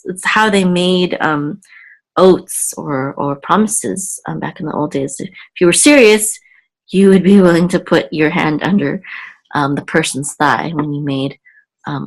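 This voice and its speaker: A woman teaching Biblical Hebrew word by word, patient and halting, often correcting herself. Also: on the low side. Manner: halting, with many fillers and self-corrections. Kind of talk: slow, patient word-by-word lesson.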